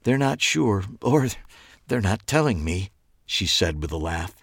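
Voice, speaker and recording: A man reading an audiobook and voicing a grieving woman who speaks softly through tears. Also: low-pitched, sing-song, a little slow, gravelly, slightly rough, dry recording, clean studio sound, heavily acted. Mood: sad, weary. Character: grieving tearful woman, soft-spoken. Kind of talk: audiobook character voice.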